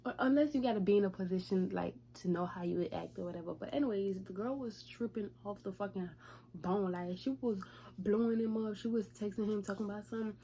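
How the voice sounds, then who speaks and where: A young woman vlogger in casual storytime, retelling events in a profane, chatty, lively way. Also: mid-range voice, quick pace, slight background noise.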